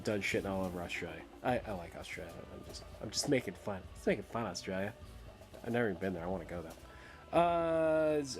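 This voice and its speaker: A man hosting his own record collection vlog, rambling in casual, crude, joking chat that trails off into mumbles. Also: mid-range voice.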